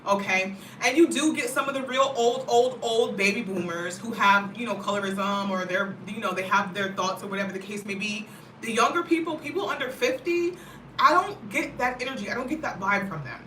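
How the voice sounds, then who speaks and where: An American woman chatting casually to camera as a vlogger, animated and talkative, often checking in with "you know what I mean". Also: on the high side, a little hiss or hum. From United States. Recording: roomy, mic at a distance.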